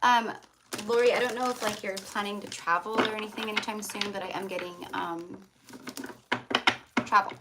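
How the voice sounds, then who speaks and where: A woman's voice: mid-range voice, steady tone, moderate pace, pauses often, very noisy. A woman reading tarot on a live stream, chatty and affectionate, calling her viewers love and hon. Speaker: tarot reader.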